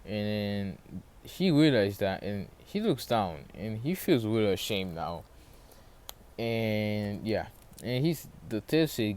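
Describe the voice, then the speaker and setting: Low-voiced man rambling through a story. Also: big pitch swings, slow pace, a little mellow. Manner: rambling, loses track of names, many fillers. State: sore throat. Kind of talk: casual fan-story retelling.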